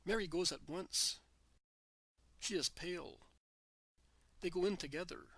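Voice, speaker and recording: Guy reading a religious book out loud, bright voice, dry close mic. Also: high voice, a little slow, breathy edge, no room sound. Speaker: narrator. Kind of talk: scripted devotional reading.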